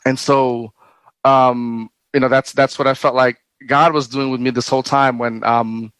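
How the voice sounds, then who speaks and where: A man, a guest speaker, sharing a personal faith testimony in a halting, candid way, with many fillers and restarts and frequent laughs. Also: medium pitch, little pitch movement, fairly bright tone, clear, resonant tone, no echo, low-quality recording.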